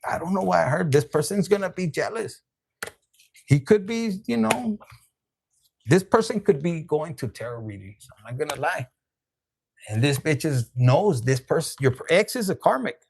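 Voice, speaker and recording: A brash online tarot reader who talks in loose slang and swears freely. The voice sits at a middle pitch with a gravelly, creaky texture, and faint noise hums underneath. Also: expressive, normal speed. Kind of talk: casual, profane online tarot reading.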